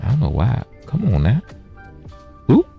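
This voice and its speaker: A man giving casual gameplay commentary in an animated, joking and profane way. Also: extremely low pitch, moderate pace, creaky, phone-quality sound, soft background music. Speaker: gaming vlogger.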